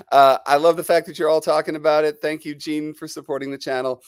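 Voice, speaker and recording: A man's voice: on the high side, fairly even intonation, fast, clean tone, dry recording, studio quality. Chatty New Jersey man with a cold. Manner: chatty and rambling, greeting viewers. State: has a lingering cold. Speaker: livestream host. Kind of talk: casual live-stream chat.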